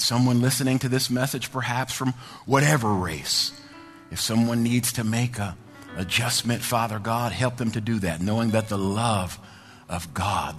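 A man preaching a sermon, telling a story with fervor and leading a prayer in a church. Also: lowish voice. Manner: fervent storytelling, then quiet prayer. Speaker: pastor.

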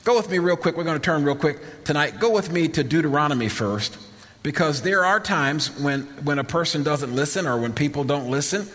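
A man preaching a sermon with call-and-response, swinging between emphatic bursts and slow, soft phrases. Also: on the high side, expressive. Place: church sanctuary. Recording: long reverb of a church hall.

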